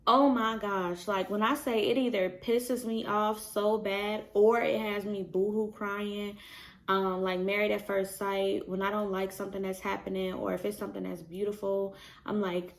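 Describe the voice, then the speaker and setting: Gravelly-voiced chatty young woman. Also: mid-range voice, fairly even intonation, normal speed. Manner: chatty, storytelling with many "like" fillers and laughs. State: pregnant. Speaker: vlogger. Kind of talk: casual chat.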